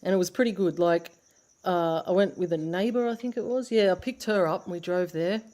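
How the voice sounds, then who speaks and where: A woman's voice: lowish voice, fairly quick, mellow. An Australian woman in casual conversation, telling a blunt, sweary story and acting out what people said. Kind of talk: casual chat.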